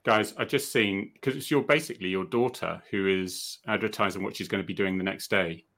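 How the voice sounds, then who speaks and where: A man's voice: lowish voice, fairly quick, a bit bright. A man co-hosting a live online chat in a joking, chatty way, easily flustered by technical trouble. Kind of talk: casual live-stream chat.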